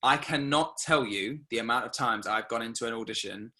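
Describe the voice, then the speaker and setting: Bright-voiced British man, animated. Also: medium pitch, fairly quick. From Britain. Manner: animated, laughs easily, many fillers. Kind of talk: casual panel discussion.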